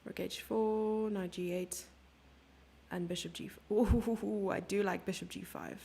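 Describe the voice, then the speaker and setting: A German woman streams herself commenting on a live chess game, thinking aloud about the moves and teasing herself as she plays, all in a casual, chatty way. Her mid-pitched voice is dark with a gravelly edge, and she keeps a steady tone at a measured pace.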